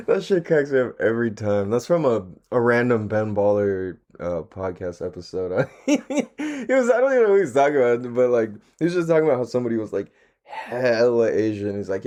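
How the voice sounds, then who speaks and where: A man's voice: mid-range voice, very animated, moderate pace, a little mellow. A man hosting a casual solo podcast, talking in a laid-back, slangy and profane way and laughing often. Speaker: podcast host.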